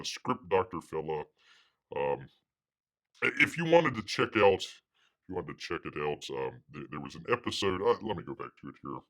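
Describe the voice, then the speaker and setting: A man's voice: fairly low pitch, fairly bright tone. A man hosting his own livestream show, ranting in a sarcastic, mocking way with lots of filler words. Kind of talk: casual ranting commentary.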